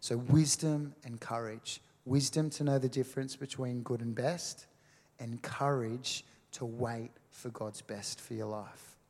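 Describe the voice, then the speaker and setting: A male pastor preaches in a relaxed, conversational way, often pausing on "um" and checking in with "right?". His mid-pitched voice rings with the long reverb of a church hall. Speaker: pastor and worship leader. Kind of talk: sermon.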